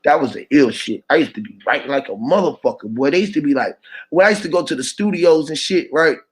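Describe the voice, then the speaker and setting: A man's voice: a little high, fast. A man freestyling in a loose stream of rhyming wordplay, then chatting casually and cursing often. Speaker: host. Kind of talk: freestyle rap and rambling chat. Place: indoors, sitting.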